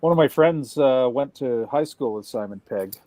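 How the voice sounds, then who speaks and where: A laid-back man from Canada chatting and telling stories on a stream. His voice is mellow and warm, recorded close and dry with no room sound. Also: medium pitch, animated, moderate pace, dry recording. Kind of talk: casual chat.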